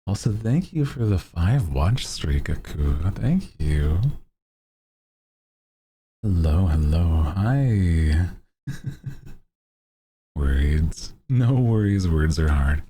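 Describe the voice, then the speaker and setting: A man's voice: expressive, very slow, pauses often, dark tone, slightly rough. A male VTuber streamer in laid-back casual chat, greeting viewers by name and chuckling often. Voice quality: deep voice.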